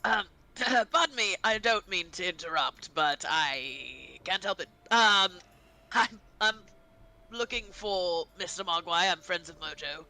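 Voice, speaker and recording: High, bright-voiced man playing a tabletop game. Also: expressive, unhurried, low-quality recording. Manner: hesitant, polite in character. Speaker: player. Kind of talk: tabletop role-play.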